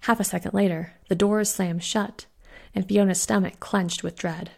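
A woman, the author, reading her own spooky short story aloud with steady narration. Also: medium pitch, moderate pace, vocal fry. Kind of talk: scripted narration.

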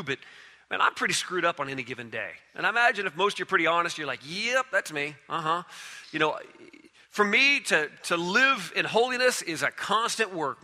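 High, bright-voiced preacher man in a reverberant hall. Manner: conversational preaching, voice drops soft then swells in storytelling. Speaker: pastor. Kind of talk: sermon.

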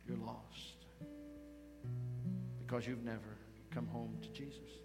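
A man preaching a sermon as pastor, slow and emphatic, building to loud calls for the congregation to repeat after him. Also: medium pitch, little pitch movement, creaky. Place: church sanctuary. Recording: reverberant church hall, faint guitar behind.

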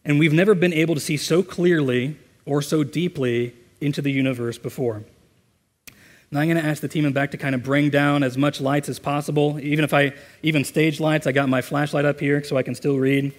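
A man's voice: a little high, steady tone, a little fast. A man preaching a sermon in a church, earnest and conversational, reading scripture and leading a prayer. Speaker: pastor. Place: church sanctuary. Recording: long hall reverb.

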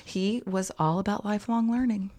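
A woman's voice: medium pitch, moderate pace, dark tone, no room sound. A woman co-hosting a podcast in casual chat, talking in a chatty way with lots of fillers. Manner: chatty, lots of likes, laughs easily. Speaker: podcast co-host.

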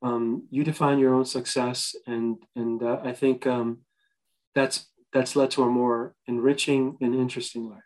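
A man's voice: mid-range voice, level tone, measured pace, a little mellow, low-quality recording. A man speaking as a podcast guest, giving earnest motivational advice with frequent hesitations. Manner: earnest, motivational, many fillers and restarts. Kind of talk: interview conversation.

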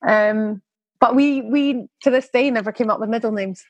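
A woman's voice: on the high side, normal speed, no echo, dull audio. A woman chatting as a podcast guest, rambling and interrupting herself, laughing often. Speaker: guest parent. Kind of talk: casual conversational chat.

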